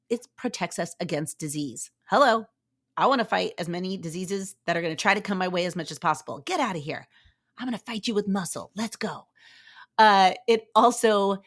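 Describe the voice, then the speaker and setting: A woman hosting a motivational fitness podcast, talking in an upbeat, chatty, cheerleading way and laughing often. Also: medium pitch. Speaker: podcast host.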